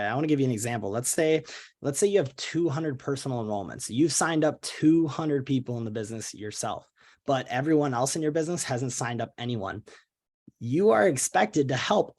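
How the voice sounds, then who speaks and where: A young man who leads a network marketing team runs a motivational training call with upbeat, earnest energy. His style is casual and pushy, full of restarted sentences and fillers like "you know," and his voice sits at an ordinary middle pitch for a man.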